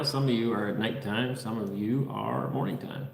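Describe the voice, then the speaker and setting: A man's voice: mid-range voice, moderate pace, gravelly, hardly any pauses, roomy sound, big-room sound. A man from the Netherlands hosting a casual livestream from an unfinished house, reading viewers' comments and names aloud in an easygoing way. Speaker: livestream host. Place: unfinished house under construction.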